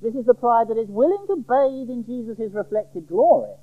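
A man's voice: very high voice, very animated, moderate pace. Emphatic preacher man, tinny phone-like sound. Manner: emphatic, rhetorical questions. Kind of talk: expository sermon. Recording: tinny phone-like sermon recording.

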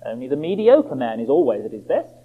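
A man preaching a sermon, emphatic and rhetorical, slowing right down for quoted scripture. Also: medium pitch, big pitch swings. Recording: tinny phone-like band.

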